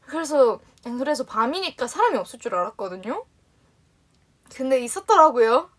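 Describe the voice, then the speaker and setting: Young woman, livestream host: high-pitched, fast-talking, giggly rambler who acts out everyone's lines. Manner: animated and giggly, rambling with restarts; acts out other people's lines in quotes. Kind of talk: casual storytelling to fans.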